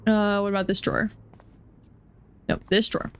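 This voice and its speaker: A woman's voice: mid-range voice, flat delivery, moderate pace, a bit bright, slight background noise. Emotional young woman gamer. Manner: emotional, rambling, many fillers. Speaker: gaming streamer. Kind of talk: let's play commentary.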